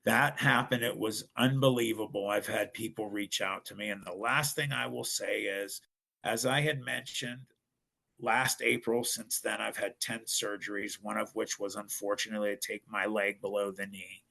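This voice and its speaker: Middle-aged man, podcast guest, gravelly bright tone, emphatic storyteller. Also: on the low side, steady tone, moderate pace. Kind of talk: telling a personal story.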